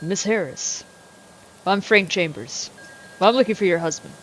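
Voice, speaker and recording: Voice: medium pitch, lively intonation, a little slow, a little hiss or hum, close to an everyday voice. A streamer voicing a polite, formal male private investigator from the city. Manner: formal and courteous. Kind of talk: voicing a game character while co-streaming.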